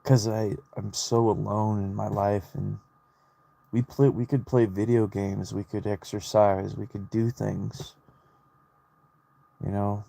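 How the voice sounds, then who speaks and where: A young man talks in a low, gravelly voice with a dark, mellow tone. He rambles through a story for his vlog, swearing constantly and doubling back on himself. The delivery is slow and subdued, close to a sigh. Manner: heavy swearing, loose storytelling with restarts. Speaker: solo vlogger. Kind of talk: rambling personal monologue.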